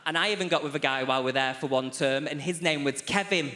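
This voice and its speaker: A man, doing a stand-up routine on a theatre stage with animated, camp storytelling and sharp asides. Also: on the high side, quick pace, very noisy. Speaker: stand-up comedian. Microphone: handheld stage mic. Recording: roomy live theatre sound. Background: audience laughter.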